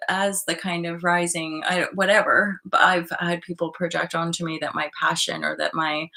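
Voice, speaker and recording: Low-voiced woman hosting a rambling live stream. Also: pushed and bright. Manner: passionate, rambling, with swearing and restarts. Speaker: host of a live online stream. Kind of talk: live-stream monologue, reading viewer comments.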